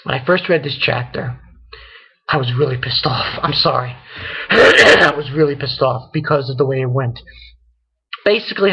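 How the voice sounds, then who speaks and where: A man's voice: on the high side, breathy edge, highs cut off. Rambling man ranting in a review. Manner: rambling, repeats "and then". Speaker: manga reviewer, channel host. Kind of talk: casual review rant.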